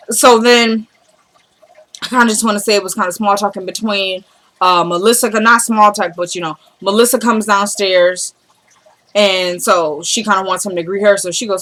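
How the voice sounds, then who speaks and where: A woman's voice: mid-range voice, fairly even intonation, fairly quick, a bit bright. A woman casually recapping a TV episode, acting out the characters' lines as she retells each scene. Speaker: TV show recap vlogger.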